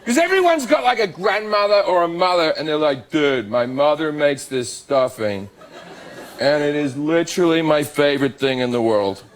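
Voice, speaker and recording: A man's voice: fairly high pitch, expressive, moderate pace. A middle-aged man with an Australian accent, telling brash comic stories as a talk show guest, laughing and slipping into mock voices. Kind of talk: comic storytelling on talk shows.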